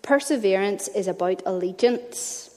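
A woman's voice: mid-range voice, a little slow, warm tone. A woman preaching a sermon in an earnest, conversational way, mixing Bible reading with personal stories. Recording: long reverb of a church hall.

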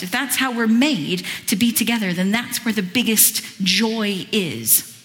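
In a church with a long reverb tail, a woman with a medium-pitched voice gives a sermon as a guest speaker. She talks conversationally, adding chatty asides, and reads scripture aloud with lively expression.

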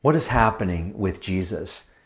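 A man's voice: deep voice, animated, moderate pace. A man giving a sermon as a guest speaker, reflective and lingering on phrases with small asides.

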